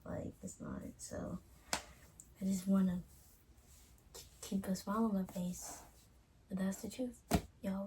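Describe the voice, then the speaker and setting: A woman's voice: medium pitch, steady tone, takes it slowly, pauses often, noisy background. A woman co-hosting a couples vlog in casual chat, giggly and drawling, talking to her viewers as y'all. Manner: giggly, keeps breaking into laughter. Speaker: vlog co-host.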